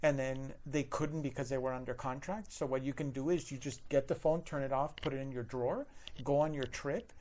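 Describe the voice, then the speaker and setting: A man's voice: mid-range voice, a little fast, slight background noise. A man in casual podcast chat, telling stories from his phone support job and acting out the people in them. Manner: animated, acts out callers and managers in his stories. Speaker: podcast host, former phone support worker.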